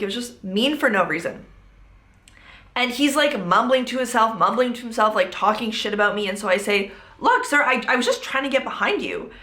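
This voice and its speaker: A woman's voice: medium pitch, fairly bright tone. Chatty woman podcaster, roomy sound. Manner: chatty, fills speech with "like". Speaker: podcast host. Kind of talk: casual storytime podcast. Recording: roomy echo.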